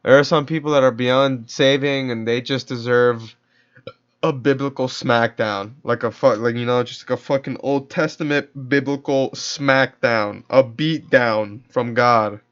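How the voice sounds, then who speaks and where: A man's voice: medium pitch, steady tone, a little slow, a bit bright. A young man reacting to a video in casual commentary, heated and profane, full of slang. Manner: heated, profane, slangy, keeps saying dude and bro. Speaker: streamer reacting to a true-crime video. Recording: dull lo-fi audio.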